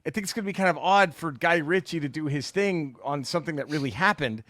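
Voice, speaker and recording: A man's voice: a little high, quick pace, fairly bright tone. A man hosting a casual podcast chat, boisterous and teasing, laughing often. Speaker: podcast host.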